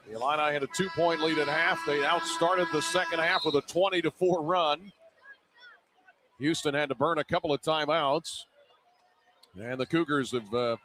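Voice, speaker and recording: A man announcing a basketball game play-by-play, quick and rising to excitement on big plays. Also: a little high, a little hiss or hum. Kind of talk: radio-style basketball play-by-play. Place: arena broadcast position.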